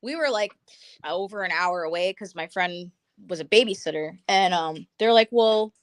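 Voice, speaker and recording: A young woman co-hosting a live stream, telling blunt, animated stories in casual chat and acting out the people she quotes. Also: fairly low pitch, moderate pace, no room sound. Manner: blunt, animated storyteller who acts out quotes.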